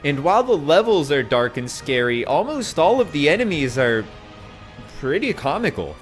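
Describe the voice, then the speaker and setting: A young man narrating a video game retrospective with enthusiasm in a conversational tone. His voice sits in an ordinary middle register, with faint music in the background. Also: medium pitch. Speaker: game reviewer.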